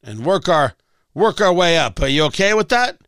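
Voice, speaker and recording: High-voiced ranting radio host man. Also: sing-song, normal speed, fairly bright tone. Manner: ranting, combative, sarcastic. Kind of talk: political talk radio monologue.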